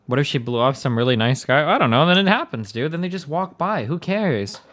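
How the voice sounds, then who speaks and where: Fast, animated young man ranting. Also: on the high side. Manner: profane, fast, argumentative. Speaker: streamer. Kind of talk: heated casual stream rant.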